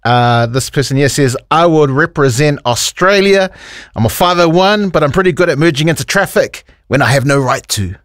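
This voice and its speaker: A man hosts a radio show in loose, teasing banter and laughs a lot. His voice sits a little high and moves all over the place. The studio sound is close and dry. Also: normal speed, no echo. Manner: laughs often, lively and teasing. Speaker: radio host.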